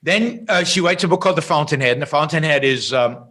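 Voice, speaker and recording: A middle-aged man, a podcast guest, telling a story in an emphatic, animated way. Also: fairly high pitch, fast talker, slightly rough.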